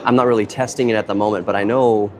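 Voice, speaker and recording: A man's voice: on the low side, fairly even intonation, fast, noisy background. Easygoing man rambling on a live stream. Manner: easygoing, rambling, thinks aloud. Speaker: museum content creator and live stream host. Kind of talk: casual live-stream chat. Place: indoor museum hall with public nearby. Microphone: phone camera.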